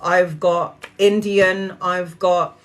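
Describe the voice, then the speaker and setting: A woman's voice: fairly low pitch, level tone, very slow. Earnest woman giving spiritual talk. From Brazilian heritage. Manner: earnest, preachy, laughs often. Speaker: spiritual speaker. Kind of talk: casual spiritual talk to viewers.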